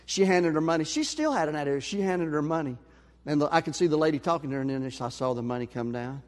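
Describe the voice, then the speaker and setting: A man preaching a sermon, telling a story with lively acted-out voices. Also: a little high, quick pace. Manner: animated storyteller, acts out voices. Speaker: pastor. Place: church sanctuary. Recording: long hall reverb.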